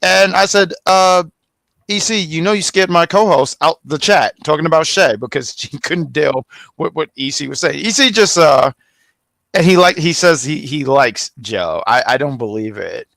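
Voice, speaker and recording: A man co-hosting a wrestling review show in casual chat, rambling and animated with frequent restarts. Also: a little high, normal speed, vocal fry, dry recording. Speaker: wrestling review podcast co-host.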